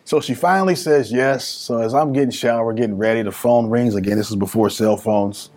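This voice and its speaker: Husky animated male storyteller. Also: mid-range voice, brisk. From California. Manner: animated storyteller acting out quotes. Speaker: guest author. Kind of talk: storytelling interview.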